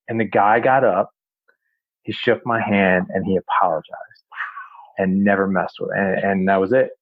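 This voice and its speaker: Man, middle-aged, podcast host, gravelly, chatty storytelling, dull lo-fi sound. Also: lowish voice, no echo. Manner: loose, chatty storytelling with many fillers. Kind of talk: casual storytelling.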